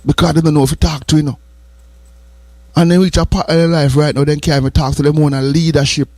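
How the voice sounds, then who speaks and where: A man's voice: fairly high pitch, little pitch movement, quick pace, a little mellow, dry recording. Jamaican male host, patois-flavored morning sermon talk, repetitive and earnest; dry, close recording. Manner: earnest and repetitive, drifting between patois and English. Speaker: radio host. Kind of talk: morning radio talk, preachy advice.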